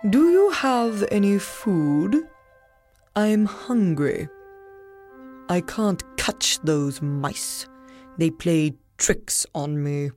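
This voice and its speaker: A woman voicing a small, hungry male talking owl in a storybook, slow and fussy. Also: on the low side, expressive, darkish tone, faint music behind. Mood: grumbling.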